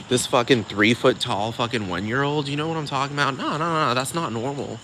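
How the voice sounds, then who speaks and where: A man delivering a sassy, profane comedic rant, rambling fast with plenty of attitude. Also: mid-range voice, noisy background.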